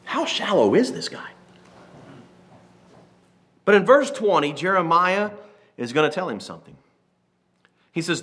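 A man preaching a sermon, reading scripture slowly and then retelling it in lively everyday speech, acting out the characters. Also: high-pitched. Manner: switches from slow King James reading to lively paraphrase.

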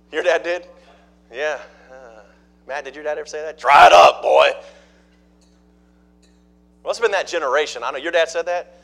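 A middle-aged man preaching a sermon in a conversational way, asking the congregation questions as he explains a passage. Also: on the high side. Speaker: pastor.

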